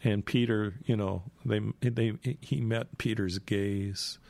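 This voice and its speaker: A man's voice: fairly low pitch, steady tone, slow pace, creaky, a little mellow, no echo. A man retelling a Bible story informally, conversational and full of "you know" asides.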